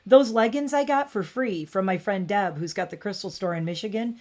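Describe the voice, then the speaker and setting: A woman's voice: medium pitch, brisk, hardly any pauses, darkish tone. A woman hosting a casual livestream, rambling and opinionated, with frequent "like" and restarts. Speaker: beauty channel host.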